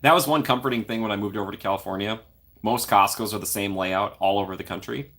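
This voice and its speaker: A young man with a fairly low voice chats casually on his own livestream. He reads viewer comments aloud and reacts playfully, laughing often between remarks. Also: quick pace, fairly bright tone. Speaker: livestream host. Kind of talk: casual live chat reading comments.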